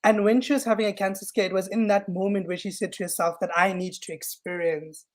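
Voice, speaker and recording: A woman co-hosting a podcast, speaking in a thoughtful, measured way. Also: medium pitch, steady tone, darkish tone. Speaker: podcast co-host. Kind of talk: casual chat.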